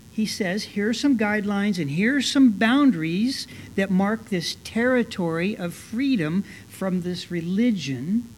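A man's voice: high-pitched, a little hiss or hum. A man preaching an expository sermon as a pastor, talking conversationally with frequent fillers and restarts, growing earnest when he stresses a point. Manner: conversational, many "you know" fillers and restarts; earnest, rising with emphasis.

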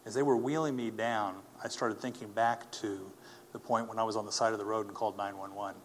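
A man telling his personal testimony in an earnest, halting way, with many fillers and restarts. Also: on the low side, fairly even intonation, a little hiss or hum.

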